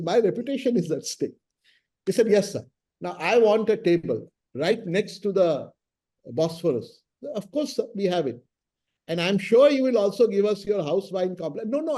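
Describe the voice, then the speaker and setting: Man, Indian English accent, middle-aged, lively raconteur voicing quoted lines, high warm voice. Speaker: senior lawyer recalling a mentor. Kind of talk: anecdotal storytelling in an interview.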